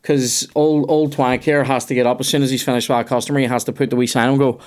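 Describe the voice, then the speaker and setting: A young man, hosting a comedy podcast and telling a story in a profane, animated way. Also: mid-range voice, fast talker. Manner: profane, animated, puts on voices in quoted dialogue.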